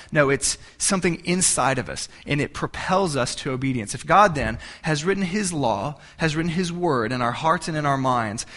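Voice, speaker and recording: A man in his thirties preaching a sermon in a relaxed, conversational way, joking and often restarting his sentences. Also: on the high side. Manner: conversational, humorous, many restarts. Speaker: pastor.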